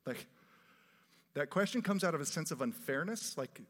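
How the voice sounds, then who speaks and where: A fairly high-voiced man preaches to his congregation with earnest, animated energy. His voice rings out with a long hall reverb around it. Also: normal speed. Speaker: pastor. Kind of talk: sermon. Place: church sanctuary.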